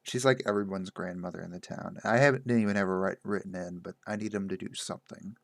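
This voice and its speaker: Low gravelly man rambling casually. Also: fairly even intonation, fast, no echo, studio quality. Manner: meandering, loose, lots of "like" and "uh". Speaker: game master recounting a session.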